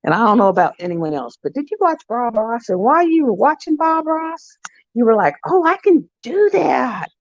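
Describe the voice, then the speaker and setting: A woman's voice: on the high side, big pitch swings, brisk, no room sound. A woman hosting a live stream, talking in a rambling, chatty way. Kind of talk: casual live-stream chat. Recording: dull, dry lo-fi sound.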